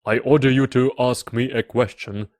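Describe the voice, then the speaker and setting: A man voicing a proud, commanding king of a tiny planet in a storybook reading, speaking louder and giving orders. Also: fairly even intonation, normal speed, no echo, close to an everyday voice. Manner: booming, issues orders.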